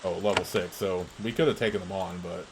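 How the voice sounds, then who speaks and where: A man's voice: deep voice, fairly quick, background noise. Man reading game text aloud. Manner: reads narration aloud in a plain, even way. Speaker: let's play gamer.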